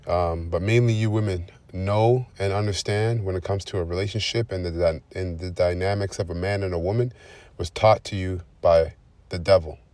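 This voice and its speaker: A man's voice: sits low, fairly even intonation, normal speed, darkish tone. A man preaching and commenting on scripture, driving each point home with repeated "all right?" checks. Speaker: religious teacher.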